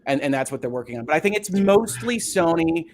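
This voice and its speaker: A man talking on a gaming podcast panel, lively and fond of acting out imagined dialogue. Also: a little high, fairly quick, slight background noise. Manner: animated, acts out quoted dialogue. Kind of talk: casual panel discussion.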